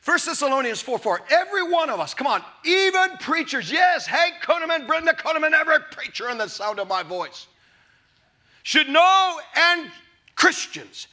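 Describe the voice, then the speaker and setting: High, bright-voiced shouting preacher man. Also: very animated, moderate pace. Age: 50s. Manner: emphatic, often shouting, jokey storytelling. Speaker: pastor. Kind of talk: sermon. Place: church service before a live congregation.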